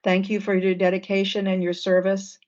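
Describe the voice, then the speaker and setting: A woman presenting an online training session, relaxed and with frequent fillers, heard over a video call. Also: medium pitch, fairly quick. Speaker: workshop presenter. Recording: dull lo-fi call audio.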